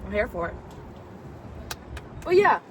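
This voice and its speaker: A woman's voice: mid-range voice, sing-song, unhurried, background noise. A woman co-hosting a casual wrestling review, bantering playfully with her co-host. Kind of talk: casual chat.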